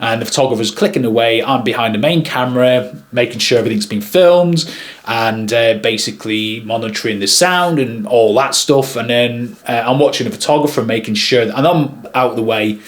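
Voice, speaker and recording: Guy vlogging about his wedding filming work, chatty and meandering, ordinary mid voice. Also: mid-range voice. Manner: rambling, chatty, with frequent pauses. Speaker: wedding videographer. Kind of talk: casual storytelling to camera.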